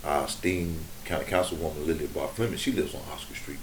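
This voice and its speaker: A middle-aged man hosting a podcast, telling a story in an unhurried, conversational way with frequent restarts. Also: extremely low pitch, a little hiss or hum. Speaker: podcast host.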